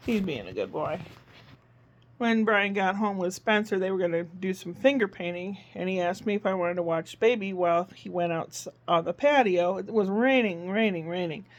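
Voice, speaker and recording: Chatty woman telling a homey story. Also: medium pitch. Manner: rambling, chatty storytelling with fillers. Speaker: vlogger. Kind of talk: casual chat. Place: living room by a fireplace.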